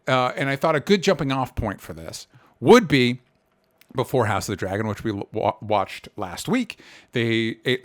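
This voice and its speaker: A man hosting a podcast in casual chat, enthusiastic and talking straight to his listeners. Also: mid-range voice. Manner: enthusiastic, addresses listeners as "gang". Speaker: podcast host.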